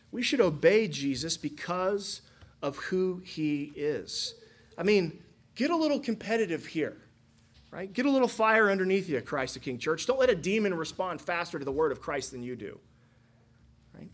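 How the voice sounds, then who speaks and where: A man's voice: a little high, slightly rough. A man, a pastor, preaching a sermon with energy and frequent rhetorical questions.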